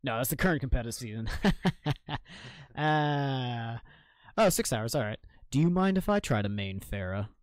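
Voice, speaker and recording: A young man from Maine talks loosely while streaming a game, joking with chat and cursing freely. His voice sits at an ordinary middle pitch. The sound is dry and close, with no room around it. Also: expressive, moderate pace, pauses often, no echo. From Maine, United States. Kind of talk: casual live-stream chat while gaming.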